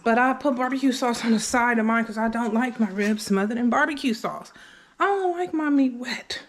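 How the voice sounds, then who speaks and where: A woman's voice: fairly high pitch, moderate pace. Chatty woman vlogging from her kitchen. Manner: chatty, animated, talks straight to viewers. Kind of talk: casual vlog storytelling while cooking. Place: home kitchen. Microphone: handheld phone camera.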